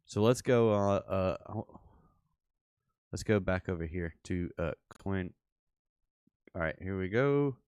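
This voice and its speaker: A man with a Memphis Southern accent giving casual live commentary over trading charts, rambling and thinking aloud with excited asides. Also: sits low, slow pace, pauses often, clean tone, no echo. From Memphis, Tennessee. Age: adult father. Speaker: crypto streamer.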